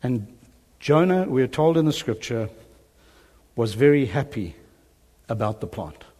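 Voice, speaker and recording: Preacher in a reverberant church hall. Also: male voice, medium pitch, unhurried. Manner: animated storytelling, acts out biblical dialogue, chuckles often. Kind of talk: sermon.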